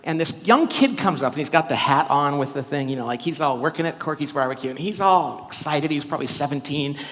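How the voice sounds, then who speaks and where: A keynote speaker gives a talk to a live audience in a reverberant hall, his voice on the high side and a little fast. He tells stories animatedly, acting out the voices of the people in them.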